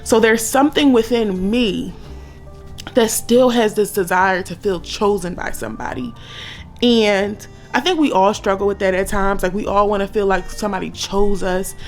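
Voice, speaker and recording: A woman in her thirties talking candidly and emotionally in a personal vlog, blunt and swearing often. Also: mid-range voice. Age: 30s. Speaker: vlogger.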